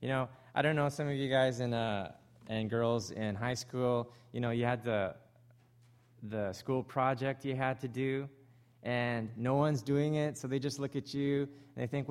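A man with a Canadian accent preaching a sermon, animated, acting out the voices he quotes. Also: mid-range voice, measured pace, smooth. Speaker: pastor.

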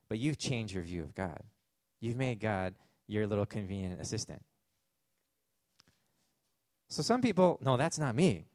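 A man's voice: medium pitch, a little mellow, no room sound. A man with a Canadian accent preaching a sermon as pastor, conversational, with asides and fillers.

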